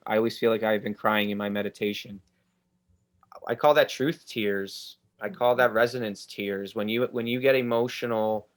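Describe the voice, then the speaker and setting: A man with a low, fairly flat voice hosts a spiritual ceremony over a video call. He speaks in an earnest, reflective way and reads the group's comments out loud. He keeps a steady, even delivery. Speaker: ceremony host.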